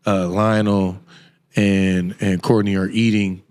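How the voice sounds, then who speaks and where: A man's voice: low voice, slow pace, clear, resonant tone. A man, hosting a podcast and telling stories in a casual, rambling way with lots of restarts. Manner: rambling, animated storytelling with many restarts. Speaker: podcast host. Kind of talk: casual conversation.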